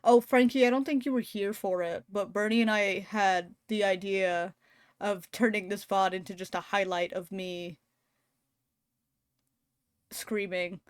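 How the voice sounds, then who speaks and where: A woman's voice: medium pitch, measured pace, clear, resonant tone, no echo. Chatty lady streamer playing a story game, lots of laughs, dry close sound. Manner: animated, laughs often, swears casually. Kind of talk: live game stream, reading story aloud.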